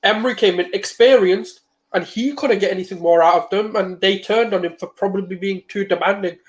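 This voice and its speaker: A man on a casual podcast, opinionated and animated. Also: high-pitched, a little fast, low-quality recording. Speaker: co-host.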